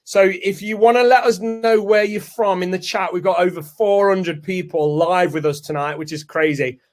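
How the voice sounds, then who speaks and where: A man's voice: high voice, fairly even intonation, moderate pace. A man hosting a live product launch webinar, chatty and salesy. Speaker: webinar host.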